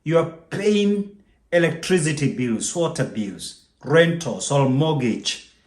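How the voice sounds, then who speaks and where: A man's voice: a little high, lively intonation, slow pace, a little mellow. Emphatic preachy man, roomy echo. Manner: emphatic, preachy, repeats key points. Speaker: business channel host. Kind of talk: motivational talk to camera.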